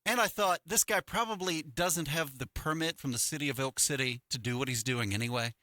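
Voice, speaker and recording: A man's voice: medium pitch, brisk, no echo. A middle-aged man co-hosting a morning radio show, telling stories in casual chat and acting out the people he quotes. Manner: animated storytelling with acted-out quotes. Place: radio studio. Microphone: studio microphone.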